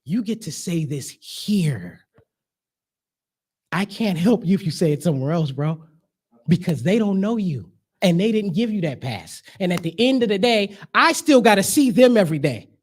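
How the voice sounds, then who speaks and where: A man with a high-pitched voice delivering spoken word in a church sanctuary. He is rhythmic and emphatic, mixing in casual slang. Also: expressive, normal speed, slightly rough. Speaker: guest speaker.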